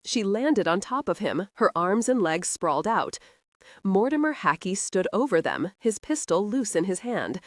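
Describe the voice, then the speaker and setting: A woman reading a historical romance audiobook in a steady, expressive scripted narration. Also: mid-range voice, normal speed, dry recording.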